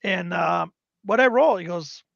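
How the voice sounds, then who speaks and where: A man's voice: high-pitched, a little slow, creaky, no echo. A man in his fifties casually telling rambling tabletop gaming stories as a guest on a live stream. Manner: rambling, animated retelling with acted quotes. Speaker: guest gamer. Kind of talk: casual storytelling. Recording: dull lo-fi stream audio.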